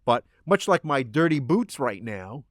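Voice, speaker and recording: A man's voice: mid-range voice, unhurried, no room sound, studio quality. A man co-hosting a podcast in casual chat, animatedly retelling commercials with little acted asides. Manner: animated storyteller, recounting ads with acted asides. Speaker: podcast co-host.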